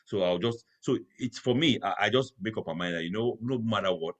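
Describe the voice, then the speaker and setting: A man's voice: lowish voice, fairly quick. A middle-aged married man speaking candidly and emphatically, often checking that the listener understands. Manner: earnest, emphatic, keeps asking "you understand?". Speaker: married guest. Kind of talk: candid conversational chat.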